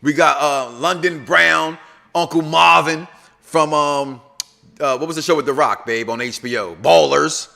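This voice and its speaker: A middle-aged man co-hosting a TV review show in casual chat, playful and teasing, swinging from mumbles to shouts. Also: fairly high pitch, fairly even intonation, unhurried, gravelly.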